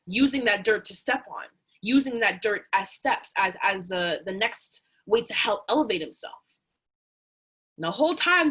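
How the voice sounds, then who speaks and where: Bright, husky woman telling a story. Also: medium pitch. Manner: casual, earnest, animated. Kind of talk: motivational storytelling.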